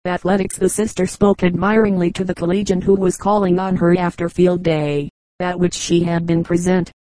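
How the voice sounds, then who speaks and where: A woman reading short humorous anecdotes aloud as an audiobook, in an even, measured storytelling manner. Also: fairly low pitch, dry recording, low-quality recording. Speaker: audiobook reader.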